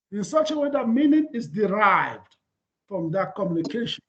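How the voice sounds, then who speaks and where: A man, a professor, giving a university lecture in an animated way and often asking his students whether they follow. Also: high voice. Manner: animated, repeats "can you see?". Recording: dull lo-fi lecture recording.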